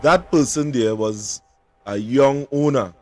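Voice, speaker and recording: A man's voice: medium pitch, takes it slowly, slight background noise. A man with a Trinidadian accent hosting a commentary show, addressing viewers in a dramatic, insistent way. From Trinidad and Tobago. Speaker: show host. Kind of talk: emphatic commentary.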